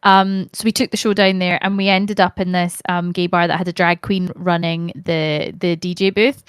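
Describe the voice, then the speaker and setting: A Scottish woman, a podcast guest, telling stories in an animated way, laughing and swearing freely. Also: fairly low pitch, normal speed, smooth, no room sound, clean studio sound. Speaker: podcast guest, actor and streamer. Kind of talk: casual chat.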